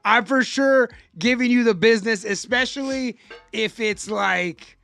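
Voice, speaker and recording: A man hosting a podcast in loose, animated casual chat that trails off into mumbles. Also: very high-pitched, unhurried, gravelly, faint music behind. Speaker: podcast host.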